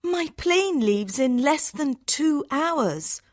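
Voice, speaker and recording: A man's voice: extremely high pitch, lively intonation, takes it slowly, pitched above the performer's own voice, full character voice. A man reading a story aloud, voicing an anxious young woman traveller who pleads urgently.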